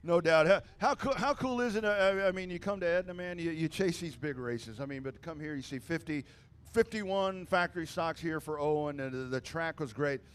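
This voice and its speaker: A man announcing a race finish and interviewing drivers in victory lane, outdoors at a dirt track, talking excitedly with stammers and loud calls. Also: a little high, brisk, smooth.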